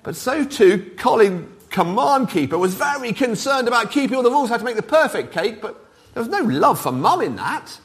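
A middle-aged man preaching an all-age sermon, lively and interactive, drawing the congregation in. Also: very high voice, normal speed. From Wales. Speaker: pastor.

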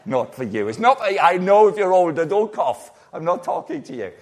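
Male preacher, 60s, high-ish voice, lots of rhetorical questions, casual sermon delivery. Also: fairly quick. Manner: lively, conversational, rhetorical questions, playful asides.

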